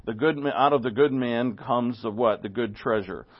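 A man teaching a Bible class verse by verse, conversational, with rhetorical questions and animated quoting. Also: medium pitch, moderate pace, highs cut off.

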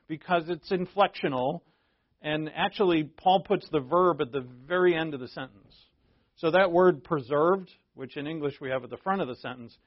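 A man teaching through a Bible passage in a relaxed, conversational way, explaining terms plainly and often restarting his sentences. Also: mid-range voice, no room sound, highs cut off. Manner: conversational and digressive, with frequent restarts.

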